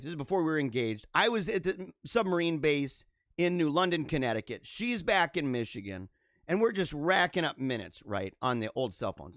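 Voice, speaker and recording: Give me a young man chatting with viewers on a livestream, his voice high and lively, full of laughter and rambling asides. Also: no echo, studio quality. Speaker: show host reading viewer comments. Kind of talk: casual livestream chat.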